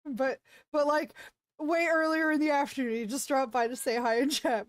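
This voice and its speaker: High voiced streamer lady, kinda frazzled and panicky, dry close sound. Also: normal speed, no echo. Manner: flustered and panicky, apologizing, breaking into excited greetings. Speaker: VTuber streamer. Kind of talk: casual livestream chat.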